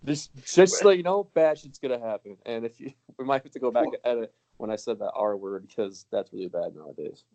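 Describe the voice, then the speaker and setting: A man co-hosting a casual podcast, his voice sitting in an ordinary middle pitch. He rants and swears his way through the talk and breaks into laughter often. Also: expressive, fairly quick, hardly any pauses, warm tone. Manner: ranting, profane, laughs often. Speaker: podcast co-host.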